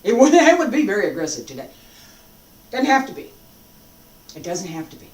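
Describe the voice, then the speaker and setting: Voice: medium pitch, sing-song, brisk, echoey room, far from the mic, poor audio. A martial arts instructor giving an unscripted teaching talk, emphatic and determined, repeating phrases for force.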